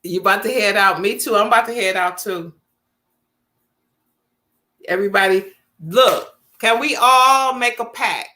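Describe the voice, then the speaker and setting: A woman's voice: mid-range voice, a little slow, long pauses, bright, forceful tone. A woman, chatting casually with viewers as host of her livestream. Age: 50s. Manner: chatty, talks straight to viewers.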